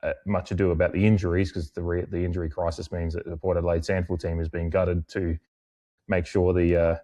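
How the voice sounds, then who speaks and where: Low-voiced man on a podcast. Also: a little fast. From Australia. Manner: rambling, lots of fillers and restarts; mimics other people in animated, higher-pitched bursts while retelling. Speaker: podcast co-host. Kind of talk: casual podcast chat.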